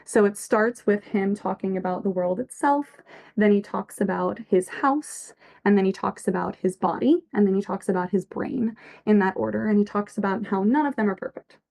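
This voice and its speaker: A woman's voice: medium pitch, normal speed, creaky, warm tone. A woman giving casual livestream commentary as a fanfic author, earnest and reflective, reading chat messages aloud.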